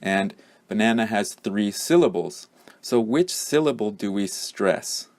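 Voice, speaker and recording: A man's voice: fairly low pitch, lively intonation, measured pace, darkish tone. A man teaching a pronunciation lesson, explaining patiently with many fillers. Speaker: English teacher.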